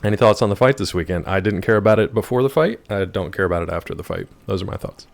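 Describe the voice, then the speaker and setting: An American man with a hoarse, gravelly voice from a week of yelling, chatting casually while streaming a game and reading chat. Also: sits low, fast talker, few pauses. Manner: rambling, jokey, reads chat aloud.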